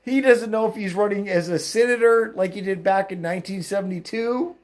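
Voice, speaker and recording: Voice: mid-range voice, brisk. A political commentator ranting mockingly in a solo video, breaking into laughter often.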